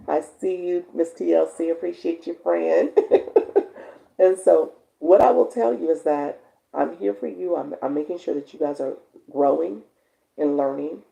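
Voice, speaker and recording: A woman's voice: vocal fry, poor audio. A woman hosting a live stream as a coach, chatting casually and encouragingly with her viewers and reading their comments aloud. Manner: encouraging, chatty, bursts into high excited laughter.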